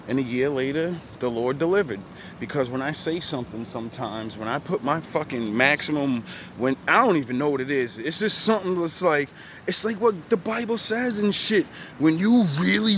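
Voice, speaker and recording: A man speaks in a loose, rambling monologue, his voice sitting slightly high. He talks in profane street slang, with faint background noise behind him. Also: normal speed, fairly bright tone. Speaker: vlogger. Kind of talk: casual reflective monologue.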